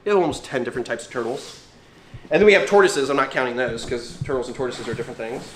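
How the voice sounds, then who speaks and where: A man's voice: mid-range voice, fast, fairly bright tone. Chatty man with an echoey sound. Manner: enthusiastic, chatty. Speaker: reptile keeper and livestream host. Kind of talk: casual livestream chat. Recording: echoey room.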